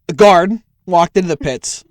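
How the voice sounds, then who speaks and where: A man's voice: sits high, moderate pace, dry recording, clean studio sound. A young man running a tabletop game as game master, narrating in a casual, filler-heavy way with cursing.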